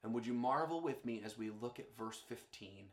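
A man's voice: mid-range voice, normal speed, echoey room. A male pastor preaching a sermon, storytelling and addressing the congregation directly.

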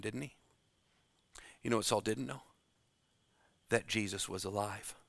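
A man preaching a sermon, slow and dramatic, dropping to a hush to stress key words. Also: on the low side, no room sound.

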